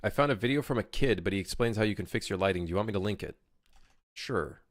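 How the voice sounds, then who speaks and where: A young man livestreams while working on his game, chatting casually with viewers, swearing and venting his frustration to chat. He talks fast in a lowish voice, and the clean studio sound has no echo.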